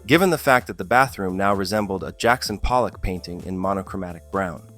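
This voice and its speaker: A man's voice: low-pitched, animated, brisk, fairly bright tone, soft background music. A man narrating funny stories in a scripted style, with a dry comic delivery that lifts on the punchlines. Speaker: storyteller.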